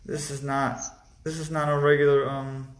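A man telling a personal story casually, animated and halting, with many restarts. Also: medium pitch, echoey room.

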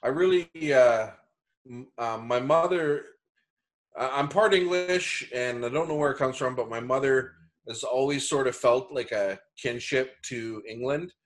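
A man's voice: mid-range voice, unhurried. A man hosting a podcast, talking in a casual, easygoing way. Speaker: podcast host. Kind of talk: casual chat.

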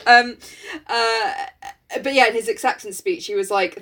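A woman's voice: fairly high pitch, steady tone, a little slow, a bit bright. A young woman, a player in a tabletop game, chatting in a gossipy, giggly, sweary way. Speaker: player and co-host. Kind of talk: casual podcast chat.

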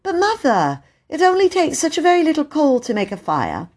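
A woman's voice: high-pitched, huge pitch swings, fairly quick, a little mellow, voice pushed up. A woman voicing an earnest young girl, the eldest sister, who pleads and scoffs at her brother. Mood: pleading.

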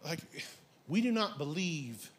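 A man preaching a sermon as pastor, emphatic and comic, breaking into shouted lines. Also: on the high side, sing-song, slow.

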